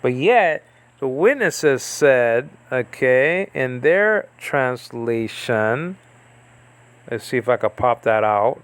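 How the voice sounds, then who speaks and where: A man's voice: mid-range voice, lively intonation, slow, clear, resonant tone. A man giving a casual, rambling Bible study lesson, thinking aloud with many fillers and asides. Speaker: Bible teacher.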